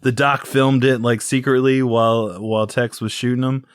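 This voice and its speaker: A man co-hosting a podcast, retelling a film plot with lots of quick put-on voices and laughs. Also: mid-range voice, no room sound, clean studio sound. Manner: animated retelling, acts out characters in quick impressions. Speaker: podcast co-host. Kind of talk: casual movie review chat.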